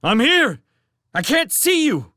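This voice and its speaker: A man voicing a desperate male soldier trapped in a collapsing cave, shouting frantically and turning bitter. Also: high-pitched, wildly swooping pitch, fairly quick, gravelly, husky, no room sound, clean studio sound, pitched above the performer's own voice, heavily acted. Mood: frantic.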